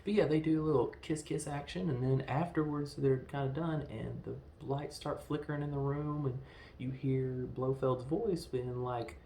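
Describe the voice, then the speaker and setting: A man in his thirties hosting a casual movie review, rambling and animated, slipping into quoted lines as he goes. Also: mid-range voice, moderate pace, reverberant, a little hiss or hum. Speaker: podcast host reviewing films.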